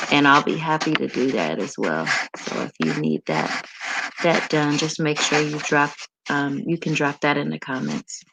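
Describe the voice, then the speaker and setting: A woman hosting a livestream in a casual, chatty way, answering viewer comments with frequent ums and pauses. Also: low-pitched, gravelly, background noise. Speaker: livestream host.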